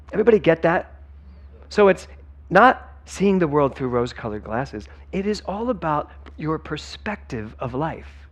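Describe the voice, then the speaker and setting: A man giving a sermon as a spiritual director, emphatic and conversational, talking straight to the congregation. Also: a little high. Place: church sanctuary.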